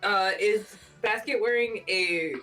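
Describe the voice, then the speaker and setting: A woman's voice: mid-range voice, slow pace. A woman narrating her character in a tabletop game, dry and matter-of-fact. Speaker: player. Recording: distant mic with background music.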